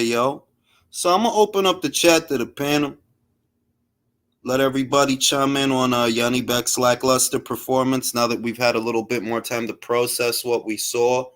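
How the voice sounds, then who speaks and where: A man's voice: mid-range voice, a bit bright. A man hosting a live boxing talk stream, brash and full of slang and trash talk. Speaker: boxing talk show host. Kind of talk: casual live-stream chat.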